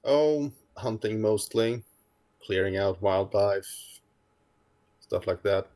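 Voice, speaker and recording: A lower-pitched man playing his character in a tabletop game, answering in short, laid-back lines. His tone is easygoing. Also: slow, a little mellow. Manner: laid-back, brief replies. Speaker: player. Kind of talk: in-character role-play.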